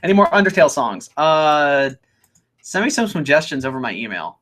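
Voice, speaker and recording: A man's voice: fairly high pitch, sing-song, moderate pace, a bit bright. A young man hosting a casual live Q&A, chatting upbeat as he reads out viewer questions. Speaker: host.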